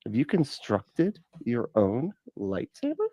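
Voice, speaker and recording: A man's voice: medium pitch, huge pitch swings, takes it slowly, dark tone, dry recording, heavily acted. A man putting on a flustered, swearing Bible-story character who stammers in surprise. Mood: startled. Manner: exclaiming, stammering. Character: startled profane Bible man, flustered, male adult.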